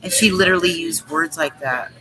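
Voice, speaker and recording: A woman's voice: on the low side, brisk, noisy background. A woman hosting a tarot livestream, ranting in a blunt, profane, scornful way. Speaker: tarot reader and livestream host. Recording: music playing behind.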